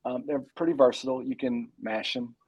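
A man's voice: mid-range voice, steady tone, brisk, dull audio. A man co-hosting a podcast in an easygoing, rambling way, laughing easily. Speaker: podcast co-host. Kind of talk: casual chat.

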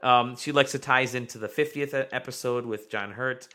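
A man's voice: medium pitch, steady tone, normal speed, pushed and bright. A man hosting a podcast, chatting casually and reading out listener comments with plenty of fillers. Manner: rambling, reads listener comments aloud. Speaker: podcast host.

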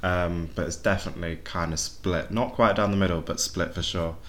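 Low-voiced man, chatty host. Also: steady tone, brisk. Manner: rambling, repeats words while gathering thoughts. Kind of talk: casual chat.

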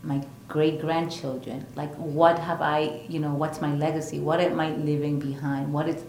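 Earnest low-voiced older woman, echoey room. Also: level tone, moderate pace, a little mellow, slight background noise. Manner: earnest, emphatic, repeats phrases. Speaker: spiritual teacher and retreat leader. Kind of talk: casual podcast interview.

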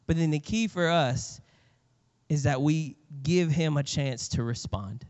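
A man's voice: on the high side, unhurried, darkish tone. A male pastor preaching a sermon in an earnest, conversational way. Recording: reverberant hall, slightly dull sound.

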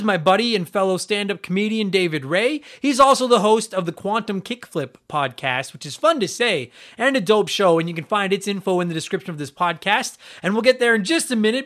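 An energetic young man hosts his podcast close to the mic. His voice sits high and sounds bright and forceful. He jokes, rambles and swears as he chats. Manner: energetic, swearing, joking asides. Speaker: podcast host. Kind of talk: casual profane podcast chat.

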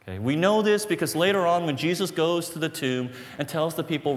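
A man preaching a sermon as pastor, conversational and animated, often checking in with "right?" and "okay?". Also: fairly high pitch, brisk, hardly any pauses, big-room sound.

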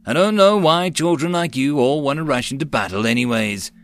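A man voicing a grave, weary older male magister in an audiobook, speaking in a measured, slow way. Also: on the high side, fairly bright tone, pitched above the performer's own voice, natural voice.

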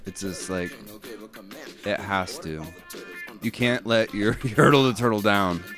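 A man's voice: lowish voice, slow, fairly bright tone, soft background music. A young man co-hosting a casual album review podcast, easygoing, agreeing often and giggling. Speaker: podcast co-host.

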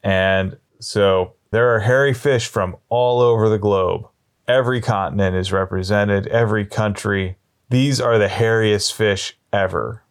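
A man telling long shaggy-dog jokes in a deadpan way, slowing down and pausing as he builds them up. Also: lowish voice. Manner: deadpan, drawn-out storytelling with slow pauses. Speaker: storyteller.

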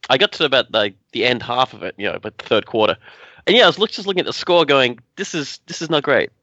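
A man chatting casually, relaxed and rambling with light laughs. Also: mid-range voice, rapid-fire, no room sound, lo-fi sound. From Australia. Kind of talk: casual chat.

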